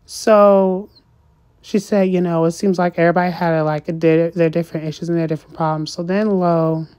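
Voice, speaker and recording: A woman's voice: lowish voice, steady tone, a little fast, warm tone. A woman giving a sassy, casual recap of a reality show, acting out the cast's lines in changing voices and laughing often.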